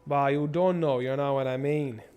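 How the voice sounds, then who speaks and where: A young man streaming a strategy game, swearing and thinking out loud as he plans and shops. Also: medium pitch, fairly even intonation, normal speed, smooth, highs cut off, faint music behind. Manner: profane, rambling, thinks out loud. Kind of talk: casual gameplay livestream commentary.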